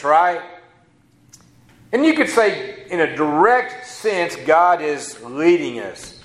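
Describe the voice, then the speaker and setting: A man's voice: on the high side, big pitch swings, slow pace, fairly bright tone. A man, preaching a sermon as a pastor in a folksy, conversational way with casual asides. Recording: echoey room.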